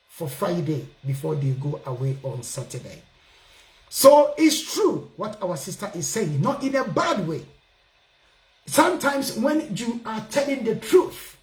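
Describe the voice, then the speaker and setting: A Ghanaian man with a strong Ghanaian English accent hosts a talk programme in a casual, lecturing way. His voice rises and falls a great deal and he often raises it to stress a point. The sound carries an echoey room. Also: sits high. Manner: animated, emphatic, raising his voice to make points. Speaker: radio programme host. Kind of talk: casual call-in radio talk.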